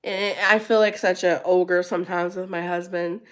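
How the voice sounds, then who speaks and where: A middle-aged woman hosting a casual livestream chat, animated and laughing often, going high and squealy when she quotes herself. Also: normal speed. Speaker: livestream host.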